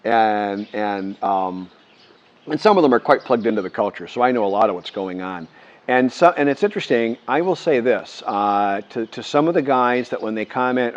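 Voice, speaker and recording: A man's voice: medium pitch, normal speed. Older American man, casual vlog talk, restarts a lot, dull lo-fi sound. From United States. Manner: rambling, many restarts, animated quoting. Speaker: vlogger. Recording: muffled lo-fi sound.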